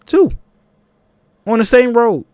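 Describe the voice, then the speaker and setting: A young man with a Philadelphia accent, telling a personal story in a casual, animated vlog, with laughing asides. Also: very high voice, slow, no room sound, studio quality.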